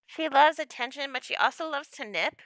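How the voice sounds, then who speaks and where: Animated bright-voiced young woman streamer. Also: high-pitched, a little fast, dry recording, clean studio sound. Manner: chatty, laughing often, acting out her own quotes. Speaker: livestreamer. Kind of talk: casual livestream chat. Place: home room.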